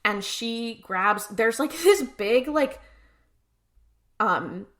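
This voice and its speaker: A woman's voice: a little high, expressive, extremely slow, a bit bright. A woman co-hosting a podcast, chatting through a show recap and acting out characters' lines as she goes. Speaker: podcast co-host. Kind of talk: casual episode recap.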